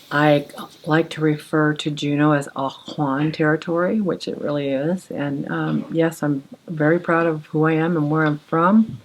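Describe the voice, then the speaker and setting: An older woman from Alaska, telling her story in an interview, thoughtful and unhurried with pauses. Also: low-pitched. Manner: slow, thoughtful, with pauses and fillers. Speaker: interviewee sharing heritage.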